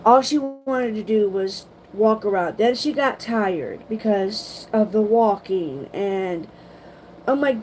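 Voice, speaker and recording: A young woman, telling a story to her livestream viewers in an animated way, swearing casually and saying "like" a lot. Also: medium pitch, takes it slowly, slight background noise, poor audio. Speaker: livestream host.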